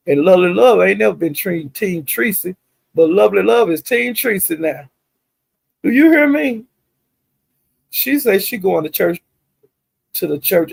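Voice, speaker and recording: A man's voice: on the high side, creaky, a little mellow, slightly rough, no room sound, low-quality recording. A man talking casually to a livestream chat, gossiping in a drawling, chatty way and speaking to viewers directly. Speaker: commentator recapping livestream drama.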